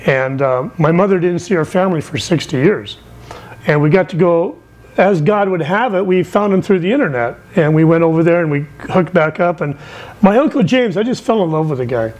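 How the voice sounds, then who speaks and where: A middle-aged man giving a lively sermon from the pulpit, telling stories with big swings in his voice. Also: fairly quick, rough recording. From England. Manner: animated, storytelling with wide swings in pitch. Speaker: missionary speaker.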